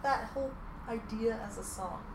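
A woman co-hosting a podcast, chatting casually in an animated way, laughing often and acting out quotes. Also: on the high side, normal speed, roomy sound, slight background noise. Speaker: podcast co-host. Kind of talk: casual recap chat.

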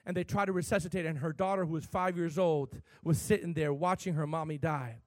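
A man, a pastor, preaching a sermon, swinging from shouted, fervent peaks to quiet, hushed storytelling. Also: on the high side, steady tone, brisk, no echo.

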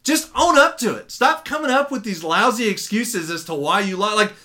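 A man's voice: high voice, animated, moderate pace, sharp tone. A man co-hosting a podcast, ranting about sports in a blunt, exasperated way. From San Diego area. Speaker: podcast co-host. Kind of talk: casual sports chat.

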